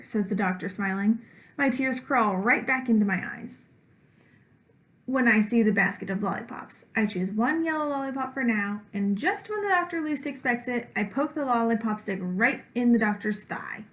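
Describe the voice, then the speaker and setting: A woman teacher reading a children's storybook aloud, with lively character voices and dog woofs. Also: on the high side, normal speed, poor audio.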